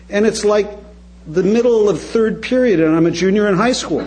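A man's voice: high-pitched, normal speed, darkish tone, a little hiss or hum, rough recording. A man speaking at a recovery meeting, telling his story to the audience with wry, comic timing and frequent direct asides to them.

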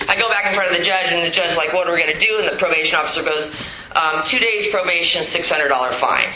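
A woman's voice: on the low side, fast, pushed and bright. A woman speaking at a recovery meeting, telling her story with frank, profane, self-mocking humor. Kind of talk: candid storytelling talk. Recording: roomy hall, dull lo-fi sound, noisy.

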